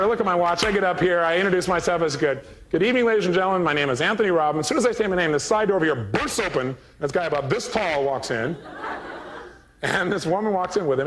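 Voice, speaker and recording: This high-pitched man is running a live motivational seminar, animatedly acting out both roles in a story he's telling. A little hiss or hum can be heard in the recording.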